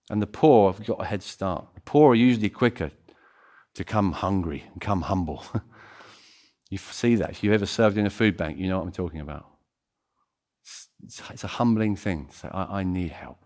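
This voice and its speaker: A man preaching a sermon as pastor, swinging between excited loud passages and quiet, intimate ones. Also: fairly low pitch. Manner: animated, swings from loud to hushed.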